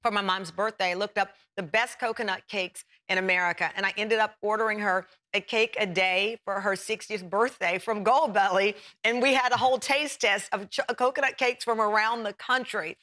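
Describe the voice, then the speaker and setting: A woman's voice: mid-range voice, fairly even intonation, moderate pace, hardly any pauses, bright, forceful tone. A woman hosting a daytime talk show, chatty and enthusiastic as she tastes and praises food. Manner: chatty and enthusiastic, laughs while tasting food. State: talking with mouth full at times.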